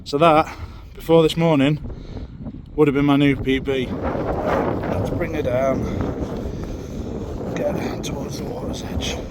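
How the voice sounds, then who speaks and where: Man, out of breath, chatty and excitable, slightly high voice, windy shore, phone recording with wind noise. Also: a little slow, long pauses. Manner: excitable, chatty, talks to viewers. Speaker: fishing vlogger. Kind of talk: casual outdoor commentary to camera. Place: windy seashore outdoors.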